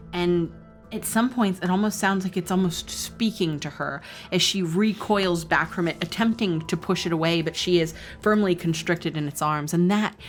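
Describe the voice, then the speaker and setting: A woman narrates a fantasy tabletop game as its game master, with a fairly low voice. She describes each scene slowly and in detail, pausing on ums along the way. Faint music plays underneath. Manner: descriptive storytelling with frequent ums.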